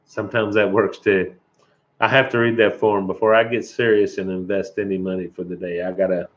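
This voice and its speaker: A middle-aged man, hosting a casual livestream chat, chuckling and greeting viewers by name, with an occasional cough. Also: on the low side. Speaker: livestream host. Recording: dull lo-fi stream audio.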